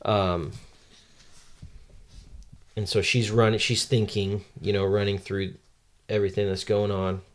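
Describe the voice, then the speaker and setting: On a podcast he co-hosts, a man casually recaps a manga chapter, reading character lines aloud in a lightly acted voice and filling the gaps with plenty of ums and uhs. His voice is on the low side and flat, the delivery a little slow with frequent pauses.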